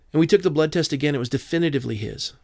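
A man's voice: fairly high pitch, animated, fast, vocal fry, a little mellow, dry recording, clean studio sound. A man from Southern California, a podcast guest telling a personal testimony in earnest detail, acting out the dialogue. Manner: earnest storyteller, quotes dialogue.

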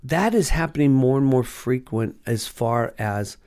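A man's voice: medium pitch, animated, measured pace, darkish tone. A middle-aged man who is a guest on a talk show, telling an earnest and emotional personal testimony.

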